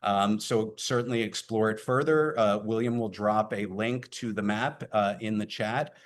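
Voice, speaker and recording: Halting man presenting a webinar. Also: on the low side. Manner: many filler words, halting. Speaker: program presenter for a preservation group. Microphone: computer mic on a video call.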